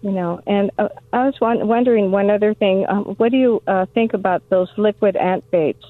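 A woman's voice: mid-range voice, moderate pace, no echo. A woman calling in to a garden radio show, asking questions hesitantly with many fillers. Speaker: caller. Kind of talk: phone-in question. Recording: tinny phone line.

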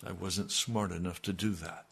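Older male radio pastor, low-pitched and gravelly, slow earnest delivery. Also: fairly even intonation, a bit bright. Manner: slow, earnest, dropping to near-murmurs. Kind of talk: radio sermon.

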